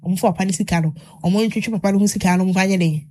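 A woman hosts a casual chat and tells a long story, animated and full of restarts. She fills her pauses with little sounds as she goes. Her voice sits in an ordinary middle pitch. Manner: animated retelling with many fillers and restarts.

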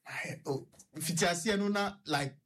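Young Ghanaian man, husky, halting radio-guest storyteller who trips over repeated words. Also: sits high, fairly bright tone. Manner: halting, with stuttered repetitions. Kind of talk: personal storytelling in conversation.

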